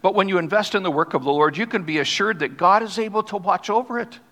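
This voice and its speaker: A man preaching a sermon as pastor, reading scripture aloud and slowing down to stress key words. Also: high voice, sharp tone. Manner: reads scripture aloud, then explains it. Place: church sanctuary. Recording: long hall reverb.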